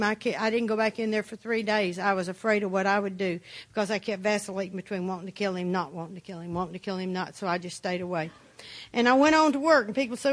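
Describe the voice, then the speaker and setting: A woman giving a personal testimony talk, telling her story bluntly and plainly with dry humor. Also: medium pitch. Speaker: speaker sharing her recovery story.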